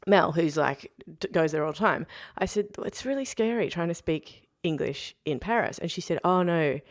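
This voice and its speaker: A woman co-hosting a podcast in casual chat, animated, laughing often and restarting sentences. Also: lowish voice, moderate pace. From Australia. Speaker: podcast co-host.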